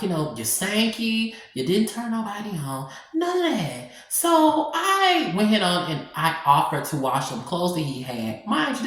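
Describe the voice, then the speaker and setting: A woman telling a personal story in a casual vlog, animated and sassy, talking straight to her viewers. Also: fairly low pitch. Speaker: storytime vlogger. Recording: very echoey room.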